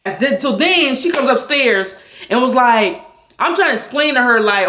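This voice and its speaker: A woman angrily venting a story on a livestream, talking loud, blunt and full of profanity. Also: on the high side, animated, normal speed, reverberant.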